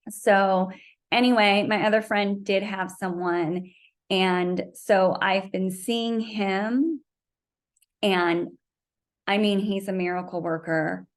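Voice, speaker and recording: A woman's voice: fairly even intonation, slow pace. A woman vlogging casually about her running, chatty and storytelling, acting out conversations. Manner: chatty storytelling, acts out conversations with raised pitch. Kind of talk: casual vlog chat.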